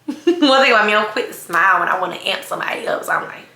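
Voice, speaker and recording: A young woman vlogger telling a story in casual chat, blunt, sassy and animated, often laughing. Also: mid-range voice, quick pace, slight background noise. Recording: roomy echo.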